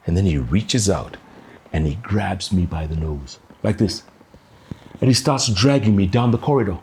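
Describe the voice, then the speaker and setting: A man, a journalist, telling an animated anecdote with many casual fillers. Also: low voice, a little fast, a little hiss or hum. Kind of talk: anecdotal storytelling.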